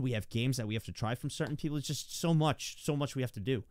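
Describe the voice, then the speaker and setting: A man's voice: medium pitch, quick pace, a little mellow, no room sound, studio quality. A young man streaming from home, rambling and stammering as he thanks his viewers. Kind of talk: live stream chat.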